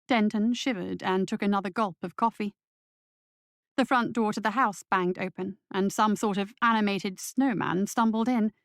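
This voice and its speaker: A woman reading a story aloud in a measured, clear voice. Her pitch sits in the middle, with a dry, close sound and no room echo. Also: steady tone. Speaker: audiobook narrator. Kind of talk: scripted story narration.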